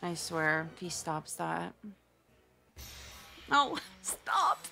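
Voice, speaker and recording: Bright-voiced exasperated young woman reacting. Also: lowish voice, extremely slow, gravelly, faint music behind. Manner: expressive, exasperated, gasping and groaning. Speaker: anime reaction youtuber. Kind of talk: live reaction commentary.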